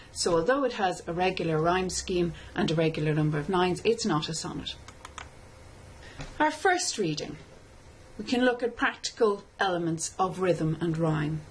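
A woman lecturer giving a scripted tutorial, explaining step by step in a measured way and reading lines of verse slowly. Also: lowish voice, a little hiss or hum, rough recording. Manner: measured, explanatory, reads poem aloud slowly. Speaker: literature lecturer.

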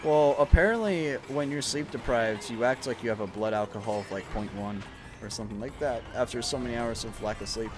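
Young dude streamer rambling n cursing, mid pitch, some faint music behind. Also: male voice, brisk. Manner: rambling, swears freely, many fillers. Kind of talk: casual chat while gaming.

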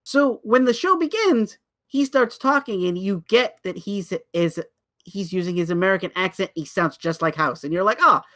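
Co-hosting an easygoing podcast, a man with a high-sitting voice relates a show with obvious eagerness at normal speed. He trips over his words, leaps forward, and circles back mid-sentence, an animated teller who keeps restarting.

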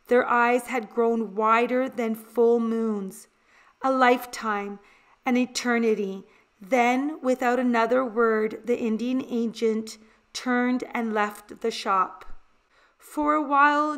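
Slow, expressive woman reading a storybook. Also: on the high side. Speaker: storybook reader. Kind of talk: children's picture-book read-aloud.

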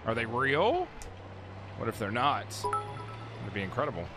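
A man streaming a video game, swearing and yelling at what happens on screen. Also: mid-range voice, moderate pace, over music. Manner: profane, excitable, yells at the game. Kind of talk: live game streaming commentary. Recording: noisy with game sounds behind. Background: game sounds and vehicles.

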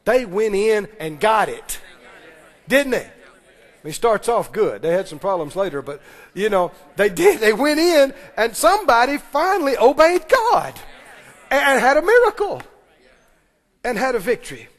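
A man preaching a sermon as pastor, retelling scripture with animated, dramatic delivery. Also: high-pitched, unhurried, big-room sound.

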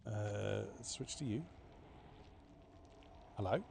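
Gravelly streamer, slow and lively. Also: male voice, medium pitch, slight background noise. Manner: chatty, swears, mutters to himself, hums silly ditties. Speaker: game streamer. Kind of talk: live gameplay commentary.

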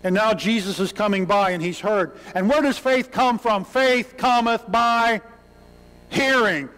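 Speaking unhurriedly in a high, slightly bright voice, a preacher acts out a story in a church sanctuary, crying out the words of the people in it with dramatic flair. Long hall reverb surrounds the recording.

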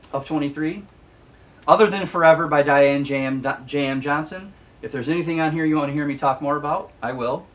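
A man's voice: mid-range voice, fairly bright tone, far from the mic. A man hosting a casual book review vlog, ranting with exasperation and repeating himself for emphasis. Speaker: book vlogger.

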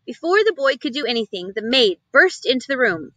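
A woman reads a children's chapter book aloud, expressive and animated. Her voice is bright and fairly high. It's recorded close and dry. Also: a little fast, hardly any pauses, no echo, rough recording. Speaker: reader. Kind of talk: storybook read-aloud.

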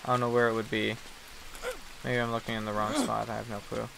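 Over a noisy background, a young man with a low, creaky voice talks fast in a level tone. He provides chatty, self-mocking commentary on a survival game for his gaming video, apologizing in mock fashion to the animals.

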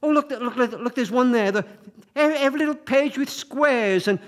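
A man telling a story to an audience, speaking in a halting way with many repeated words. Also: very high voice.

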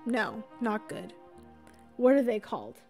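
A woman's voice: a little high, very animated, measured pace, a little mellow, faint music behind. A young woman chatting casually on a livestream, explaining a solo board game at her table, with lots of fillers and asides. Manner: chatty, filler-heavy, reads and answers chat.

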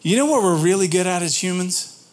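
Male pastor, high voice, casual sermon delivery, animated, questions the room, frequent restarts. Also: a little fast. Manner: animated, asks the audience questions, repeats words as he restarts. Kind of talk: conversational sermon.

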